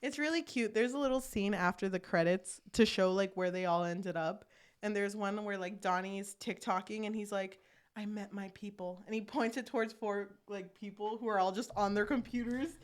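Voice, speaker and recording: Young female podcast co-host recapping a film, animated delivery, slips into the characters' voices, casual chat. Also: mid-range voice, normal speed. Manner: animated, acts out character lines while recapping. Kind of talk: casual chat retelling a movie plot.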